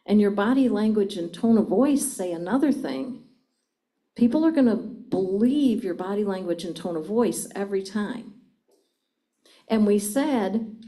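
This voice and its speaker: A middle-aged woman with a mellow, mid-range voice gives a live seminar talk on communication, drawing the audience in with frequent questions.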